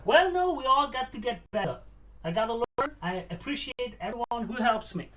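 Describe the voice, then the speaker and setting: A man with a high voice hosts a cooking livestream from his kitchen. He chats casually, answers his viewers and thinks out loud as he cooks. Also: animated, normal speed. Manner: chatty, answers chat and muses aloud while working. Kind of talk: casual live-stream chat while cooking. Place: home kitchen.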